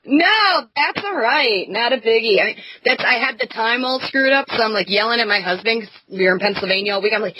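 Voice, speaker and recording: A woman's voice: on the high side, animated, fairly quick, hardly any pauses, pushed and bright, slightly rough, no echo, low-quality recording. A woman guest on a casual podcast, chatty and laughing often, tired from little sleep.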